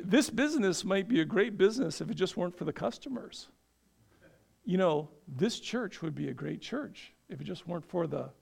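A man's voice: high-pitched, creaky. A man from northeastern Pennsylvania preaching a sermon, often asking the congregation questions and answering them himself. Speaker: pastor.

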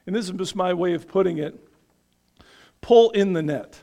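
A man's voice: sits high, normal speed, creaky, long pauses, dark tone. A man from northeastern Pennsylvania preaching a sermon, often asking the congregation questions and answering them himself. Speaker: pastor.

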